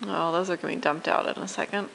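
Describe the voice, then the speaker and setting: A woman's voice: lowish voice, fairly even intonation, fast talker, creaky, fairly bright tone. A mother playing at home with her toddler, praising and coaxing her in a sing-song way, on a home video. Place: home room with toys. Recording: noisy home camcorder recording.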